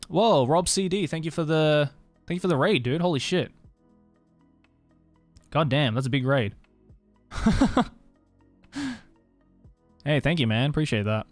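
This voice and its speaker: A man's voice: on the high side, a little slow, long pauses, no echo, faint music behind. A young man with an Australian accent blended with other influences, chatting casually with viewers on a live stream, swearing freely and laughing often. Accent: Australian with international mix.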